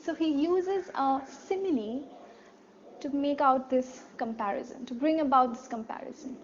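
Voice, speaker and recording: High-voiced woman teaching a poem. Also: moderate pace, highs cut off, slight background noise. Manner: explanatory, repeats key words, asks rhetorical questions. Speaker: literature teacher. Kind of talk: poetry analysis lesson.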